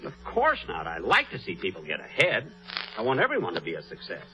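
A man hosting a 1940s radio comedy, vain and easily huffed, with drawn-out pauses. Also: lowish voice, wildly swooping pitch, bright, forceful tone. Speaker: comedy show host. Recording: muffled old radio broadcast.

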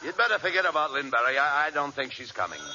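A man's voice: fairly high pitch, lively intonation, fast, pushed and bright. A man playing the exasperated straight man in a 1940s radio comedy. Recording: very noisy lo-fi old radio broadcast.

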